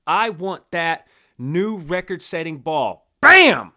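A man's voice: fairly high pitch, lively intonation, a little slow. A man co-hosting a podcast, recapping a story in a playful, dramatic way. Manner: playful, dramatic recapping with sudden loud bursts. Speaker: podcast co-host. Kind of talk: casual chat.

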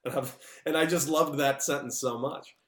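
A man, a former ball player, telling stories casually on a podcast over a remote call and acting out the dialogue with lively energy. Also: on the high side, moderate pace, reverberant. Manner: animated, jokey, acts out dialogue. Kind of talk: casual storytelling.

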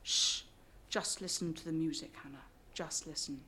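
A woman voicing an offhand seventy-one-year-old baroness who talks in a rumbling, growly way and keeps her words short. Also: animated, unhurried, a bit bright, a little hiss or hum. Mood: hushed.

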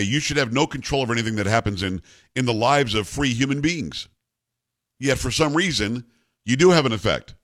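A man's voice: medium pitch, fairly bright tone, dry recording. A man hosting a talk radio show, who grew up in South Florida, giving emphatic, opinionated commentary. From South Florida, USA. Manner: emphatic, ranting, rapid-fire delivery.

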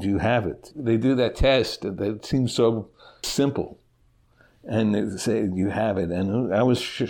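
A middle-aged man giving a personal interview with a rough, gravelly edge and a husky, slightly breathy tone. He talks haltingly, starting over and repeating words as he goes. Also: fairly low pitch, darkish tone. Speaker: interview guest, teacher.

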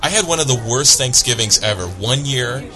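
A man's voice: medium pitch, lively intonation, moderate pace, pushed and bright, faint music behind. A man co-hosting a casual comedy podcast, joking and self-mocking. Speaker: podcast co-host.

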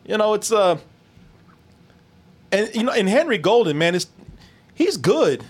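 A man co-hosting a casual movie talk, animated and profane, laughing often and acting out scenes. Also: high voice, unhurried, slightly rough. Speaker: movie review podcast co-host. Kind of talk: casual chat.

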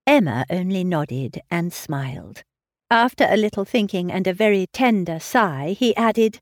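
Woman reading an old novel aloud, expressive n lively, dry close sound. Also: fairly low pitch, unhurried, no echo. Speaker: audiobook narrator. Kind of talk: scripted narration of a classic novel.

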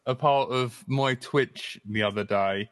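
A man's voice: mid-range voice, a little slow, dry recording. A man co-hosting a casual chat among friends over a remote call, rambling and self-mocking with frequent laughs. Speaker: podcast co-host and streamer.

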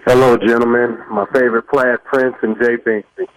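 A man's voice: mid-range voice, flat delivery, moderate pace, dry recording, rough recording. A man in his thirties from Los Angeles calling in to a sports talk show, heartfelt and rambling with fillers. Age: 30s. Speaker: caller. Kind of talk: emotional fan call-in.

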